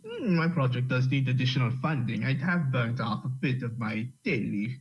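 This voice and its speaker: A man's voice: medium pitch, very animated, moderate pace, breathy edge, muffled recording. A man playing a tabletop game over a call, with formal, theatrical speech. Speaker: player.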